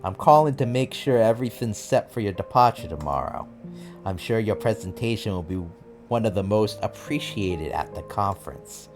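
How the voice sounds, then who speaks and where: A cordial, slightly pompous Boston professor with a lowish voice and faint game music behind him, as a man puts him on. His speech stays formal and polished. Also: animated, normal speed, natural voice. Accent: Boston (put on). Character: upbeat middle-aged male professor from Boston, cordial.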